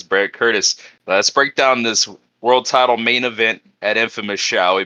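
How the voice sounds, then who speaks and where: A man's voice: medium pitch, pushed and bright, no room sound, low-quality recording. A man hosting a wrestling press conference in upbeat announcer style, hyping and playing along. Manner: upbeat, hypes and plays along.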